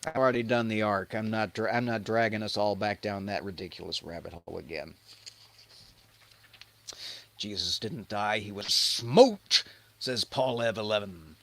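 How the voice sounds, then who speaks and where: A man's voice: on the low side, brisk, gravelly, hardly any pauses. A man hosting a casual livestream commentary, sardonic and profane, mocking as he talks. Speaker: host.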